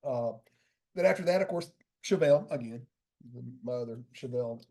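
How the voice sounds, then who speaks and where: A man's voice: medium pitch, lively intonation, normal speed, darkish tone. A man hosting a casual porch chat, telling concert stories in a laid-back way and laughing often. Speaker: podcast host.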